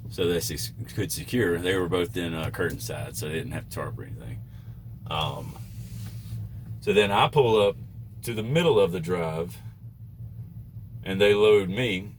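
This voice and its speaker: A man's voice: sits low, slight background noise. A man who drives trucks, telling a story in a casual vlog, rambling with fillers and self-corrections.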